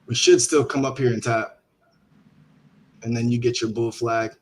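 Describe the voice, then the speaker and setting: A man hosting a live trading stream over online voice chat, with a middle-pitched voice. He is laid-back and slangy and thinks out loud as he walks through the charts. There is a faint noise under his voice. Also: steady tone, moderate pace. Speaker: livestream host and trader. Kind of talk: casual live trading commentary.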